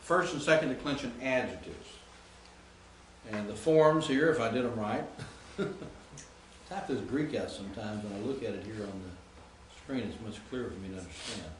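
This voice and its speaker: A man's voice: fairly low pitch, moderate pace, slight background noise. Man lecturing in an echoey classroom. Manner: explanatory, recites word forms. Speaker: Greek teacher.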